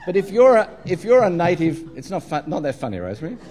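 A man's voice: high voice, big pitch swings, fast, dark tone. A middle-aged Australian man preaching a sermon, telling funny travel stories with plenty of ums and uhs. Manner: humorous storytelling, frequent ums and uhs. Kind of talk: sermon with anecdotes.

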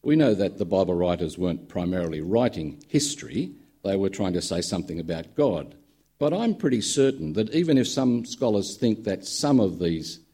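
This man's voice sits low, warm and slightly rough. He preaches a sermon in a conversational, storytelling way, working in a told joke with dry humour.

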